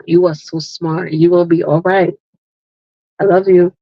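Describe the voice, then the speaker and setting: A woman hosting a casual livestream, lively and chatty, laughing often and calling listeners honey and girl. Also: on the low side, normal speed, creaky, no room sound. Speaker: livestream host and marketing coach. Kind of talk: casual live chat. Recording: dull lo-fi, dry sound.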